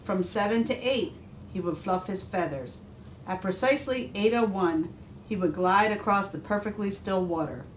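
A woman police officer reading a picture book aloud to a first grade class, expressive and adding asides to the children. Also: medium pitch, normal speed, a little hiss or hum.

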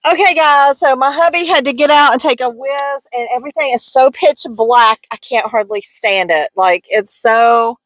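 Brief: woman vlogger, casual, exclaiming, talking from a car at night, bright high pitch. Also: normal speed, hardly any pauses, no echo, poor audio. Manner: excitable, exclaiming. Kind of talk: casual vlog chat.

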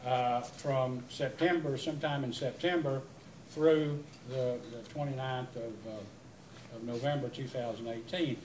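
Questioning a witness at a public hearing, this utility commissioner is emphatic but rambling, restarting many times. He has a medium pitch, fairly even intonation, and an unhurried, slightly mellow delivery; the distant mic in the echoey room adds a little hiss or hum.

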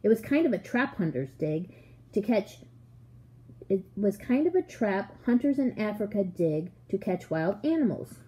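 An audiobook reader, a woman with a warm, mellow, mid-range voice, reads a children's storybook aloud with expressive, measured pacing. The audio quality is poor.

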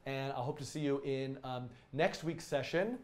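A man's voice: mid-range voice, normal speed. A man teaching a casual programming video lesson, enthusiastic and rambling, with frequent fillers and restarts. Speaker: coding instructor.

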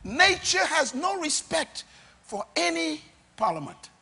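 A Bahamian man preaching a sermon, asking the crowd questions and answering them, dropping soft and then rising to loud emphatic lines. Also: very high voice, sing-song, slow pace, gravelly, big-room sound. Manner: emphatic, call-and-response questions, swings between soft and loud.

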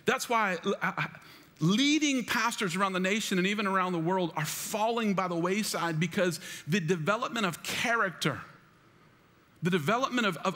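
A man's voice: high voice, bright, forceful tone. A man preaching a sermon as pastor, calling out for the congregation to repeat after him in a large church auditorium. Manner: preaching with call-and-response to the congregation. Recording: long hall reverb in a church.

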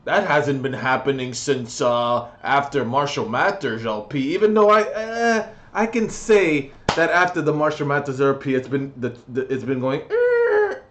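A man's voice: medium pitch, moderate pace, hardly any pauses, a bit bright. A young adult man vlogging a comedic, profane rant reviewing music, mocking and exasperated.

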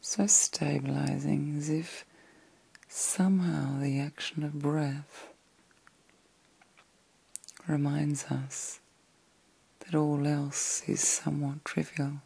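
A middle-aged woman hosting a whispered ASMR vlog from bed at night, talking in a slow, soothing and reflective way. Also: sits low, steady tone, vocal fry, dark tone, slightly rough, no room sound. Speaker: ASMR host.

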